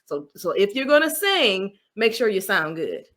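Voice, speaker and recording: A woman guest on a podcast, talking in an animated, expressive way about speaking and laughing easily. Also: mid-range voice, moderate pace. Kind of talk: casual interview.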